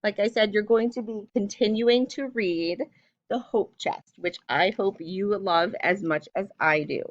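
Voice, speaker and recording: A patient woman teacher gives a recorded reading lesson, speaking clearly and reading short passages aloud with expression. Her mid-range voice moves at a measured pace, and the recording sounds muffled.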